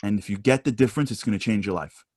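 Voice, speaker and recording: A man speaking as a motivational speaker, telling stories in a fast, animated way with many restarts. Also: on the low side, dry recording, studio quality. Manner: fast, many restarts, voice rises when storytelling. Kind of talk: animated storytelling talk.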